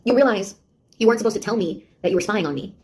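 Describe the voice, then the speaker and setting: Woman acting as young female beta tester, husky voice, taunting, exasperated, audio drama. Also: mid-range voice, racing, darkish tone, close to an everyday voice. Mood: sarcastic. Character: sarcastic young woman scolding a nosy AI.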